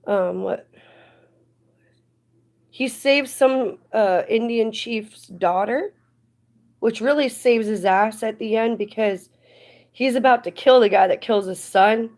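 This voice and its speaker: A woman's voice: mid-range voice, darkish tone. Chatty woman streaming casually. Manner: chatty, rambling, indignant at times. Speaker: livestreamer. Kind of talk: casual live stream chat.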